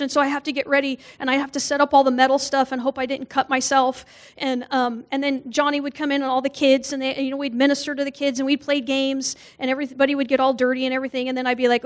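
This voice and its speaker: High-voiced woman preaching with humor. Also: level tone, fast. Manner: humorous storytelling, acts out quoted voices, laughs often. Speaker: guest speaker. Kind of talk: sermon with personal stories. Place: church.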